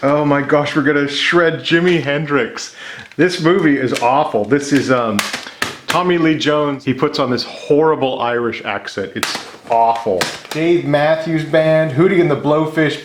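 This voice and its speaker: Chatty man in an echoey workshop. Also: fairly high pitch. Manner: chatty and enthusiastic, thinks out loud. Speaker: resin maker and YouTuber. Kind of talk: casual chat to camera. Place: home workshop. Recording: echoey workshop with loud machine noise.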